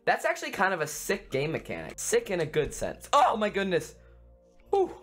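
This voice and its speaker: Excitable male gaming YouTuber; lively, screamy let's play commentary with goofy sound effects. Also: high-pitched, brisk, faint music behind.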